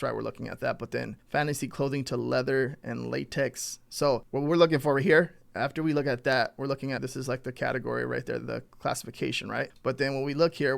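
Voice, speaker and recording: A man's voice: mid-range voice, vocal fry. A man casually talking through a screen-share walkthrough, rambling and thinking aloud with lots of fillers. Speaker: print-on-demand vlogger.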